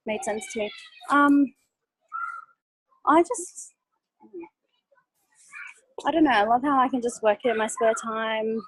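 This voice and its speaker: A woman's voice: fairly high pitch, expressive, a little slow, long pauses, a bit bright, dry recording, poor audio. A young woman giving a nervous testimonial over a video call, hesitant and full of ums and likes. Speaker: guest speaker.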